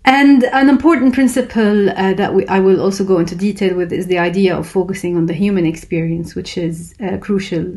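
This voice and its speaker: A woman's voice: medium pitch, fairly quick, hardly any pauses, darkish tone. A woman lecturer explaining a research method, talking hesitantly with many fillers and restarts. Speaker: university lecturer. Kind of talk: recorded lecture.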